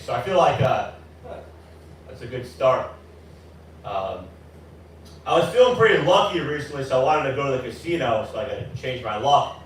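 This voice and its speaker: Here's another twenty-something comic at an open mic in a small bar, rambling through self-deprecating material for a live audience. He speaks at normal speed in a medium-pitched, animated voice, pausing often. The mic sits far off in a very echoey room, and there's a little hiss or hum.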